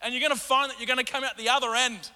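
A middle-aged man preaching a sermon as pastor, animated, acting out quotes in a raised voice. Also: very high-pitched, racing, clear, resonant tone. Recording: long hall reverb.

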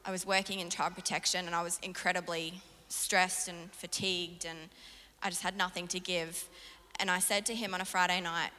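A young woman preaching a sermon in an earnest, animated way. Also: fairly low pitch, moderate pace. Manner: earnest, animated storytelling with laughs. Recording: reverberant hall.

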